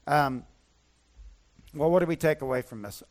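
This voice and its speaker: A man's voice: on the high side, moderate pace. A man preaching a sermon as pastor, emphatic and repeating his key points.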